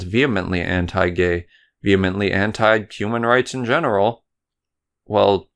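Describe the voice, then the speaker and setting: On his solo podcast, a young man from Canada talks politics in a fairly low, smooth voice. His commentary wanders, and he curses and stumbles as he goes.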